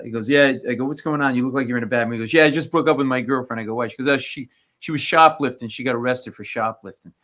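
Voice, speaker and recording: A man, a comedian, telling stories on a radio show and acting out the people in them. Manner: animated storyteller, acts out quoted people in rising pitch. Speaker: comedian guest.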